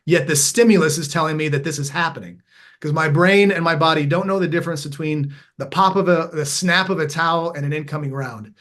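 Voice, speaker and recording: A man's voice: on the high side, a little fast. A man as a podcast guest, telling a candid personal story in an earnest, reflective way and often restarting his phrases. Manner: animated when acting out past moments. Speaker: podcast guest, veteran turned mindfulness coach.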